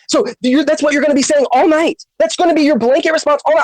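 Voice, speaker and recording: A woman's voice: sits high, animated, quick pace, hardly any pauses, a little mellow, no room sound, low-quality recording. A woman in a heated voice-chat argument, furious and berating, cursing often. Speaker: Discord server member.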